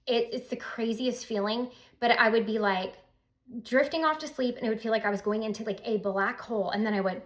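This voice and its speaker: A woman telling her personal story in a casual, animated, emphatic way. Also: a little high. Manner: animated, emphatic, with Southern "y'all".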